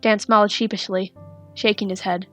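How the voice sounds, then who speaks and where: A woman narrating a fanfiction story in a steady, soft-spoken reading. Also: medium pitch, moderate pace, soft background music. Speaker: fanfiction reader.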